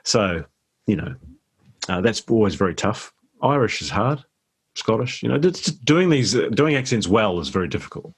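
A New Zealand man with a very low, deep voice talks through his stories in an easygoing, rambling way. He is a middle-aged actor chatting as a guest in a relaxed interview. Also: normal speed, breathy edge.

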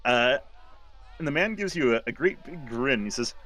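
A man running a tabletop game, his bright voice rising and falling a lot as he narrates. He pauses to fill gaps as he goes, with an eager, animated delivery. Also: mid-range voice. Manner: halting, many fillers. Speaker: game master.

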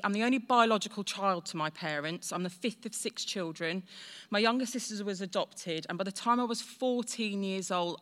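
A woman's voice: medium pitch, fairly bright tone. A woman in her forties telling a personal story in a chatty, self-deprecating way. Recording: long hall reverb.

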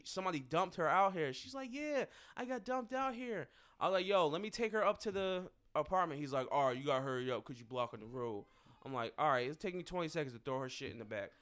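Young guy on a podcast, fairly high voice, swears a lot, tells stories all worked up. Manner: animated, profane storytelling. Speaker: podcast co-host. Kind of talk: casual storytelling chat.

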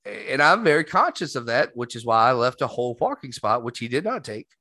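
A man spinning a rambling story in casual podcast chat, his voice swinging up and down with lively energy. The sound is dry and close to the mic. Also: mid-range voice, brisk, no echo. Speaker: podcast host.

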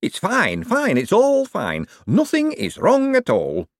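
A man reading an audiobook and voicing a nervous young male bank clerk with a high, quavering voice. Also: wildly swooping pitch, moderate pace, darkish tone, breathy edge, no echo, clean studio sound, heavily acted. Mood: anxious.

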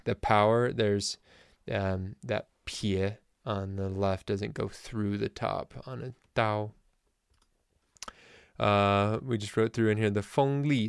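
Man, casual vocabulary lesson, chatty, self-mocking jokes, low gravelly voice, smooth, dry sound. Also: dry recording. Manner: self-deprecating, chatty, joking. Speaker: Chinese teacher at a camp.

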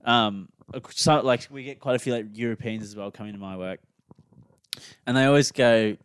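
A man's voice: mid-range voice, moderate pace, clear, resonant tone, dry recording. A young Australian man co-hosting a podcast, rambling casually with lots of fillers and restarts. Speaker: podcast co-host. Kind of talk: casual chat.

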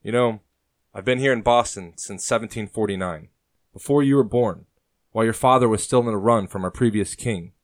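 A man's voice: on the low side, a little fast, voice pushed up, close to an everyday voice. A man playing a stern older rebel uncle. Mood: stern passionate. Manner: stern, lecturing, rising to passionate outbursts.

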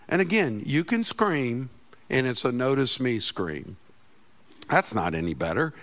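A middle-aged man, a pastor, preaching a sermon with passion, swinging from loud outbursts to quiet asides. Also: mid-range voice.

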